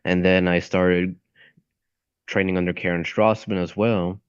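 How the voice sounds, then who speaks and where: A man's voice: low voice, level tone, a little slow, clear, resonant tone, no echo. A young man, an aspiring voice actor, chatting casually on a stream and rambling as he searches for words. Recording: dull lo-fi mic.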